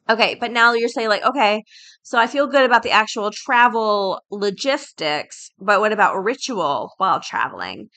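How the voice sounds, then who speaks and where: A woman's voice: mid-range voice, pushed and bright. A woman hosting a podcast, talking casually and reading aloud with filler words like uh and um. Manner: chatty, reads aloud with fillers. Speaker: podcast host.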